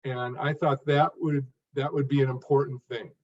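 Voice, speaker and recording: A man answering interview questions in a measured, earnest way, speaking phrase by phrase with pauses. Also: mid-range voice, flat delivery. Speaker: guest, stuttering coach. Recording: distant, dull lo-fi audio.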